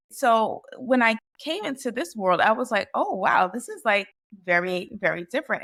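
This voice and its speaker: A woman in her thirties, a physician guest, talking through a personal story in an animated, conversational way with frequent "like" and "right?". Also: mid-range voice. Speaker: physician and real estate investor guest. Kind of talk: casual podcast storytelling.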